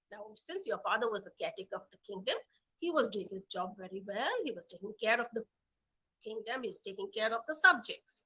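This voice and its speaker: A woman with an Indian English accent telling a children's story in an animated, playful way. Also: fairly high pitch, slightly rough, poor audio. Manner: animated, playful voices and sound effects.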